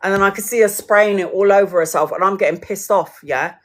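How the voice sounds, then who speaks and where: A woman's voice: mid-range voice, brisk, fairly bright tone. Woman in her forties, casual rant, heavy swearing, frequent laughter. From United Kingdom. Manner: swears a lot, laughs often, acts out quoted lines. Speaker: tarot livestreamer.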